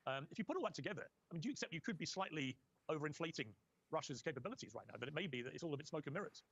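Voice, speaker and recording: A man's voice: on the high side, expressive, racing, fairly bright tone, no room sound, dull audio. A man hosting an interview, pushing back on his guest with challenging questions. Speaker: interview host.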